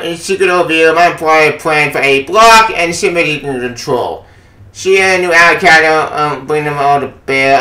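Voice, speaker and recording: A man giving a furious, profane rant on a comics news vlog, often shouting. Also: a little high. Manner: angry, profane ranting with frequent shouting. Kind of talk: ranting opinion vlog. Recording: echoey room, voice off-mic.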